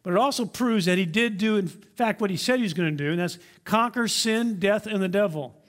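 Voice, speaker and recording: A male pastor delivers a sermon in a fairly high voice. He is emphatic, drawing out important words and phrases slowly to drive them home. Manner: emphatic, slows down to stress key words; uses props to illustrate.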